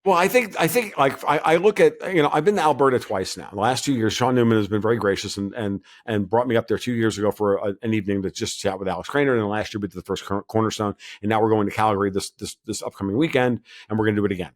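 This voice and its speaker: A man's voice: lowish voice, fast talker, few pauses. A man talking as a guest in a casual podcast interview, blunt and rambling, often restarting his sentences. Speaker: guest commentator.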